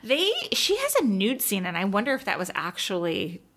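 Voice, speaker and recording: A chatty, enthusiastic woman co-hosting a casual podcast. She talks about what she's watching in an easygoing, animated way, full of fillers and quick asides. Her voice sits in the middle of the range. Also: medium pitch. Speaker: podcast co-host. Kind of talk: casual chat about TV shows.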